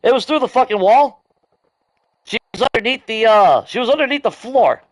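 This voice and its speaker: Furious at the game's glitches, a male streamer swears nonstop through his live commentary. He has a very high, expressive voice at a moderate pace, recorded with no echo.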